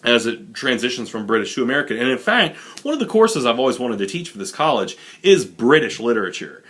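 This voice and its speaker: A man's voice: mid-range voice, sing-song, quick pace, a bit bright. A young adult man teaching a recorded college literature lesson in a loose, informal way, with many fillers and asides. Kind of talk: casual recorded lecture.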